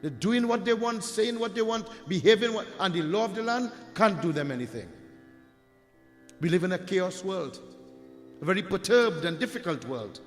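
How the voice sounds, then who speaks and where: A man delivers a devotional sermon, emphatic and direct with his listeners. His voice is high and swings widely, at an unhurried pace. Faint music hangs in a reverberant temple hall. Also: lively intonation. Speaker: Hindu preacher.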